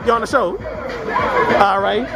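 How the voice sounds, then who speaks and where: A man's voice: high-pitched, measured pace, creaky, poor audio. A man hosting his own casual live-stream show from a family birthday party, rambling and stammering as he keeps talking to viewers. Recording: party music and crowd chatter behind.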